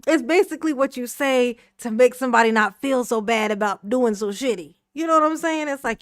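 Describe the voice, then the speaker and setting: Sassy woman reacting to clips, high voice, profane, laughs a lot. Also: a little fast, hardly any pauses, dry recording, studio quality. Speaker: reaction channel host. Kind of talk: casual commentary on a clip.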